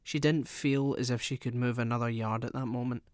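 A man reads a short story aloud in a steady, measured storytelling voice. His pitch sits in an ordinary middle range. The recording is close and dry, with no room echo. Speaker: narrator. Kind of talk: audiobook narration.

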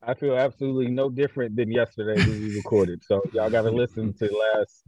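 A man's voice: lowish voice, flat delivery, quick pace, a little mellow, dry recording. A man co-hosting a podcast, giving brief laid-back answers in casual chat. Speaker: podcast co-host. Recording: dull lo-fi sound.

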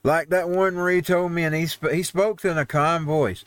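Man, fairly high voice, heated rambling commentary, dry close sound. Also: steady tone, normal speed, hardly any pauses, smooth, no room sound. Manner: heated, rambling, restarts often. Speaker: host. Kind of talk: ranting commentary over headlines. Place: home newsroom studio.

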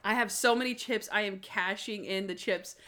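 A woman co-hosting a casual podcast chat, retelling scenes in an animated way, acting out quotes and laughing often. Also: mid-range voice, moderate pace. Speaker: podcast co-host. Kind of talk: casual chat recapping a TV episode.

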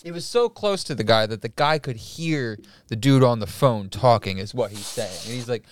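A man's voice: mid-range voice, expressive, normal speed, hardly any pauses. A man in casual chat, telling a story with heavy swearing and acting out the people in it. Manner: profane storyteller acting out quotes.

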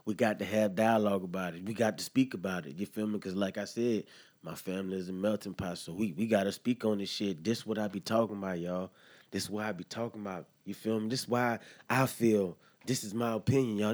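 A man's voice: on the low side, steady tone, normal speed, a little mellow. A man hosting a solo podcast, talking in a heated, earnest way and swearing often. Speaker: podcast host. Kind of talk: emotional solo podcast monologue.

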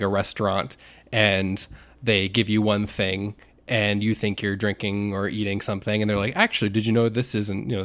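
A young adult man co-hosting a podcast, casually chatting and retelling scenes with lively acted-out quotes. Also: on the low side. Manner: animated storyteller, acts out quotes with shouts. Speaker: podcast co-host.

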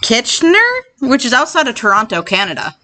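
A woman co-hosting a casual podcast chat, profane and quick to laugh, often trailing off mid-thought. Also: a little high, big pitch swings, sharp tone. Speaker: podcast co-host.

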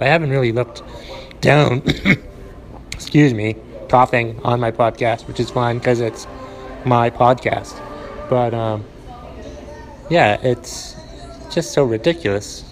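A man hosting a solo podcast, rambling through local stories in a deadpan way with many fillers and restarts. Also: medium pitch, poor audio. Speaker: podcast host. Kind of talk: casual solo podcast monologue.

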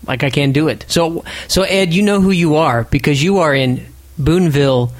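A chatty man hosts a casual podcast with a self-deprecating, rambling manner. His voice sits a bit high for a man. The sound is dry and close to the mic. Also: normal speed, no room sound. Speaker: podcast host.

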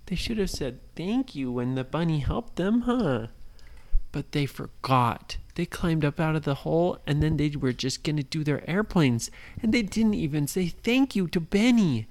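A woman improvising a bedtime story for a child, lively and singsong, often pausing to ask the child questions. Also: deep voice. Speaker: parent telling a bedtime story.

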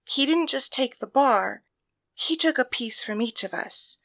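A loyal young woman eager to join the fight, read by a female storyteller. She speaks earnestly and firmly in a bright, close voice in a storybook reading. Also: high voice, lively intonation, measured pace, creaky, no echo, voice pushed up, heavily acted. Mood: determined.

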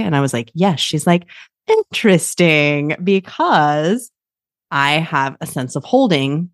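A woman hosting a podcast, telling stories in a casual, animated way and acting out what people said, laughing often. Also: low-pitched, no room sound, studio quality. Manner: animated storyteller, laughs often, acts out quotes. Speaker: podcast host. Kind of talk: casual solo podcast talk.

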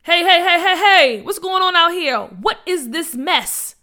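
A woman voicing a stern older male church deacon who lectures slowly. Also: very high voice, animated, pushed and bright, pitched above the performer's own voice, exaggerated voice. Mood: scolding.

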